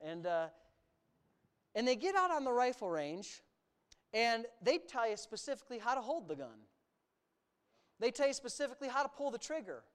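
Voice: mid-range voice, very animated, normal speed, long pauses. A preacher from the United States delivering a sermon, talking emphatically, stretching words for emphasis and adding sarcastic asides.

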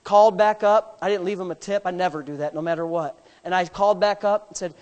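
A man preaching from the pulpit, swinging between loud, climbing peaks and hushed, joking stories about himself. His voice carries through a big church sanctuary, with long reverb trailing after every phrase. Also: high voice, expressive, fast talker, few pauses. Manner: builds to loud preaching peaks, then drops to quiet storytelling; self-mocking, conversational asides. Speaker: pastor. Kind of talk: sermon. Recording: long reverb of a large hall.

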